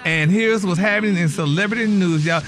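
A man's voice: high voice, fairly quick, fairly bright tone. A man voicing a flamboyant, gossipy male celebrity news reporter who calls everyone honey and y'all. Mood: sassy. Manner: sassy, peppers every phrase with honey and y'all. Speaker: gossip segment presenter. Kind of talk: comedic radio character bit.

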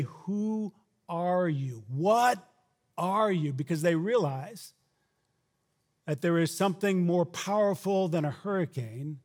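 A man preaching a sermon who shouts out quoted lines and then drops to a low, quiet delivery. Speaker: pastor.

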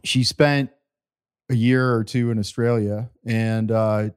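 A man's voice: mid-range voice, flat delivery, takes it slowly, smooth. A man hosting a casual podcast chat in a laid-back, rambling way. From Canada. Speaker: podcast host. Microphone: remote call.

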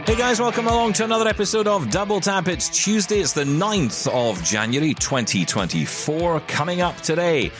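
A man's voice: high voice, expressive, moderate pace, few pauses, over music. A man co-hosting a podcast, joking and self-mocking in casual chat while nursing a headache. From Scotland. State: has a lingering headache. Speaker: podcast co-host.

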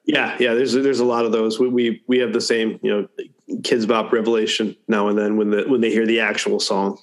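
A man's voice: on the low side, level tone, moderate pace. A man talks in casual conversation with a dry, wry manner. He often stammers on the first words of a sentence, repeating them before finding his way. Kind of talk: casual chat.

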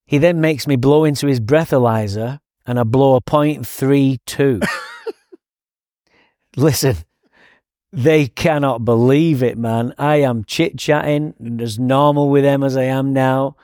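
A man's voice: mid-range voice, slow pace, darkish tone, no room sound, studio quality. A man with an English accent telling his story as a guest in an interview, blunt and candid, laughing at himself. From England.

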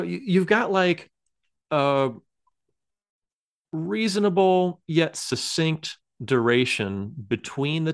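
A man co-hosts a casual podcast, describing things at a loose, rambling pace. His voice sits in a middle pitch, and he often hesitates with "uh" and "um" and chuckles as he goes. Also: creaky. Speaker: podcast co-host. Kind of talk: casual chat.

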